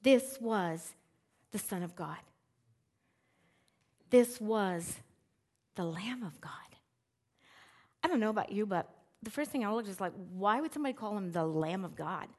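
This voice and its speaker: A middle-aged woman preaching a sermon in a church. She talks in a relaxed, conversational way and acts out the lines she reads with shifting emphasis. Her voice sits at an ordinary pitch for a woman. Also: unhurried, long pauses. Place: church sanctuary with screens.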